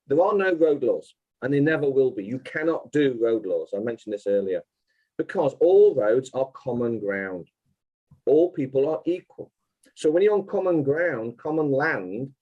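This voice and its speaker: A man's voice: mid-range voice, mellow, lo-fi sound. A man speaking as an interview guest, explaining insistently and step by step.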